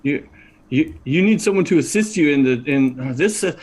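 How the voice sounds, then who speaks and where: A man's voice: fairly high pitch, animated, normal speed, crowd noise, close to an everyday voice. A man improvising as a timid male zoo visitor who stammers and grows more and more upset. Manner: stammering, nervous. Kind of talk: improv comedy scene.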